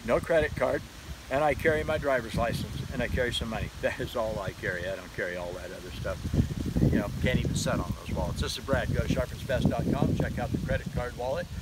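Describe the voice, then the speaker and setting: A man's voice: mid-range voice, heavy background noise. A man casually demonstrating and selling a folding credit card knife, rambling in a chatty way and laughing at his own fumbles. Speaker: knife seller demonstrating a product. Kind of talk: casual product demo vlog.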